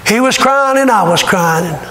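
A pastor preaching a sermon, retelling a story dramatically and with emotion. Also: male voice, sits high, lively intonation, unhurried, pushed and bright, roomy sound, a little hiss or hum, poor audio. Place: church sanctuary.

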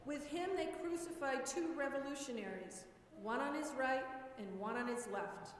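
Lady lector reading scripture, high voice, distant mic in a big echoey church. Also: slight background noise. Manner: measured, steady proclaiming. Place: large church.

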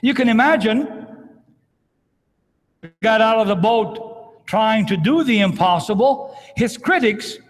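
A man's voice: high voice, expressive, slow pace, long pauses. A priest preaching a dramatic sermon in a large cathedral, acting out scripture as he goes. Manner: dramatic, retells scripture with acted quotes. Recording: long cathedral reverb.

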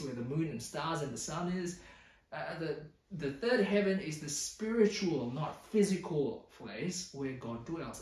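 A male pastor preaching a sermon, explaining scripture with lively emphasis and playful asides. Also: on the high side. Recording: roomy hall, voice a bit far from mic.

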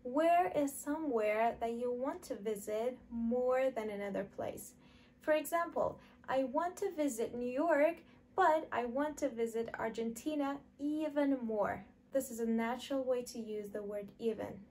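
A woman teaching an online English lesson, modeling example sentences slowly and clearly for learners to repeat. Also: on the high side, darkish tone.

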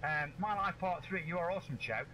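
A man chatting on a live stream, warmly thanking his viewers by name. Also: fairly high pitch, brisk, a loud crowd, rough recording. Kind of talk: casual live-stream chat.

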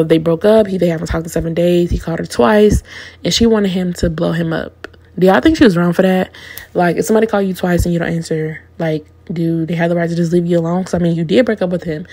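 A woman in her twenties recapping a reality show in a candid, slangy way, talking straight to her viewers. Her voice sits a bit low and sounds gravelly and warm, with a husky edge. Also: fairly even intonation, a little fast. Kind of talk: casual opinionated recap.

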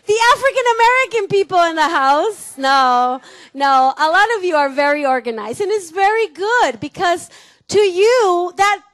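A high-pitched woman with a Mexican Spanish accent preaches a sermon in a church. She teases her congregation, laughs easily and has them repeat words back to her. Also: animated, normal speed, a bit bright. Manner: playful, laughing, calls for congregation responses. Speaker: pastor. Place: church sanctuary.

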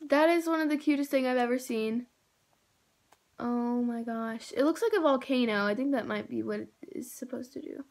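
A teenage girl casually unboxing squishy toys, gushing and excitable, rambling with many fillers. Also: high-pitched, a little fast. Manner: gushing and excitable, with gasps and squeals; rambling, with many likes and self-corrections. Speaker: squishy toy haul vlogger.

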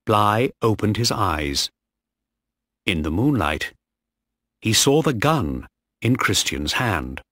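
A man narrating a story slowly and clearly for English learners. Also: lowish voice, big pitch swings, sharp tone, no echo, studio quality. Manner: slow, clear reading.

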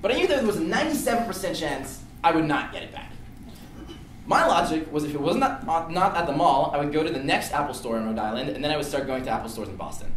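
A young man telling a lively story to an audience in a lecture room, sometimes shouting out the lines he acts out. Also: on the high side, slight background noise. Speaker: student speaker. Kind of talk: storytelling talk. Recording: echoey room, distant mic.

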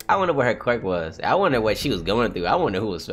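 A young man streaming a live read-along reaction, swearing freely and swinging from low mutters to high shouted outbursts. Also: animated, fairly quick, hardly any pauses, soft background music. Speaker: streamer reacting to a manga chapter.

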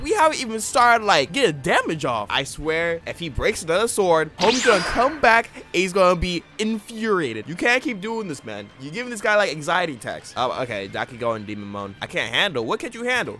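A young man giving excitable anime reaction commentary with a slangy, joking manner. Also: on the high side.

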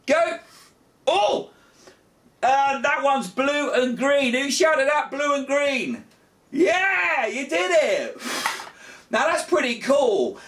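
Playful children's magician, lively pitch. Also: male voice, recorded from a distance. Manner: playful, mock-frustrated, big excited cheers. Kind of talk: comic magic show patter for children.

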